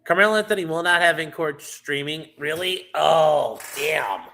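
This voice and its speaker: A man's voice: a little high, moderate pace, vocal fry, pushed and bright, a little hiss or hum. A man hosting a livestream in a loose, rambling chat with viewers, full of fillers and casual swearing. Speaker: livestream host.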